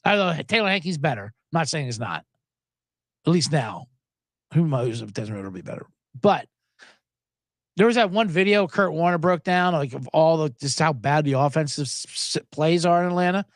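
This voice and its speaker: A man's voice: fairly high pitch, normal speed, no room sound, clean studio sound. A man hosting a sports show in casual, joking, rambling talk. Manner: animated, jokey, rambling.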